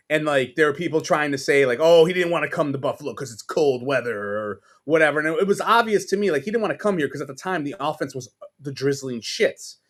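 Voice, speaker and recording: Casting: man, New York accent, fired-up sports podcast rant, cursing freely, somewhat high voice. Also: a bit bright. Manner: profane, exasperated ranting with mocking impressions. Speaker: podcast co-host.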